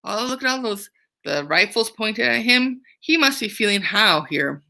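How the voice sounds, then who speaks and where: Young woman, camp counselor, playful kids' lesson, bright voice, enthusiastic. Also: mid-range voice, expressive, normal speed, gravelly. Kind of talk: online children's music lesson.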